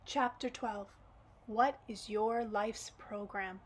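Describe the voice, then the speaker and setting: A woman's voice: on the high side, fairly even intonation, normal speed, slightly rough, low-quality recording. Woman reading aloud, losing her voice. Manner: soft, hushed asides. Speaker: audiobook reader. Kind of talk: casual audiobook reading with asides.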